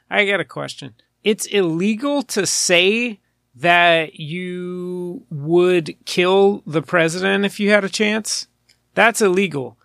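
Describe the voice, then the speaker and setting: A man's voice: high voice, gravelly, fairly bright tone, no room sound, studio quality. A man co-hosting a podcast, chatting casually and joking with friends. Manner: joking, teasing. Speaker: podcast co-host. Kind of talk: casual chat.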